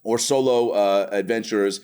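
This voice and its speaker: A man in his thirties from the Seattle area, a comedian guest telling animated, profane stories in casual chat. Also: on the low side, moderate pace, clear, resonant tone.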